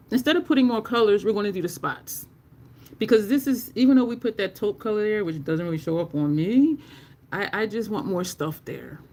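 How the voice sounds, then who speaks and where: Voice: mid-range voice, normal speed, darkish tone. A makeup livestream host chatting casually with viewers while applying makeup, laughing often and cursing now and then in conversation.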